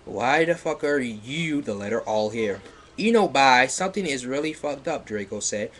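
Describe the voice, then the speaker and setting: A man on a livestream reading fan fiction aloud in a mocking dramatic way, sarcastic, with loud outbursts and laughter, sounding a bit stuffy. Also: medium pitch, animated, moderate pace, slight background noise. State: slightly stuffy.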